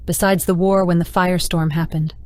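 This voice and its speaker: A woman's voice: fairly low pitch, level tone, brisk, darkish tone, smooth, natural voice. A woman reading as troubled young Akuma. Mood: subdued. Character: troubled young woman questioning her captor.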